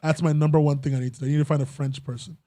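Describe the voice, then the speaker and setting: A young man in casual podcast chat, voice sitting a little high for a man. He rambles, restarts his sentences and laughs at his own jokes. The sound is close and dry. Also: little pitch movement, very fast, dark tone, no room sound. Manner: rambling, self-interrupting, laughs often. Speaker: podcast host.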